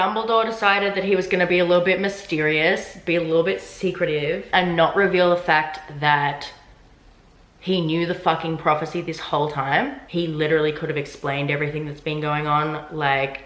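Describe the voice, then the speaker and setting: A young woman with a fairly low voice talks through her reactions to a book in a casual vlog. She is animated and exasperated, and she swears freely. Her voice echoes around a roomy room.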